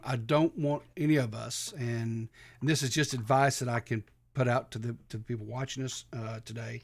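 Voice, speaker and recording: A male podcast co-host who speaks haltingly, circling back and restarting as he works through a point. His talk is casual and earnest. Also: mid-range voice, fairly even intonation. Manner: hesitant, many restarts and fillers.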